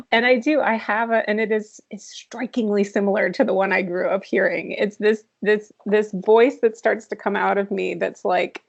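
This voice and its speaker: Earnest, gravelly woman on a video call. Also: medium pitch, steady tone, normal speed. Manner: earnest and reflective, laughs often. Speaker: podcast guest, author. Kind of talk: candid interview conversation. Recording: dull lo-fi call audio.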